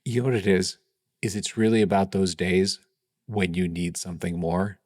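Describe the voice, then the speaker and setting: Lively man telling a story. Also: deep voice, moderate pace. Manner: animated storyteller who acts out quoted dialogue. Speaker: startup founder, podcast guest. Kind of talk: casual storytelling interview.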